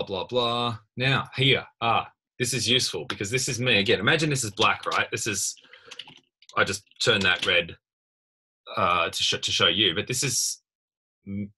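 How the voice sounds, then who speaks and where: A man's voice: on the low side, pushed and bright, breathy edge. A man lecturing in a casual screen-recorded tutorial, thinking aloud with many fillers and restarts. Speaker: university lecturer.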